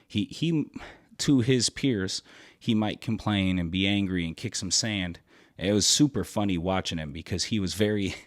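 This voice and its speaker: A man in his thirties, a podcast host and army veteran, telling a story in a relaxed, rambling way with many fillers and restarts. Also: low voice. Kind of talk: casual storytelling.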